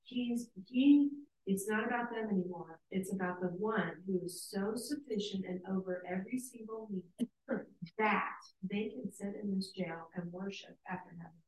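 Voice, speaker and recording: A woman's voice: mid-range voice, moderate pace, darkish tone. A woman leading a casual Bible study, reading scripture aloud and breaking off with eager comments. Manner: enthusiastic, reads passages aloud and breaks off to comment. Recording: roomy, distant mic.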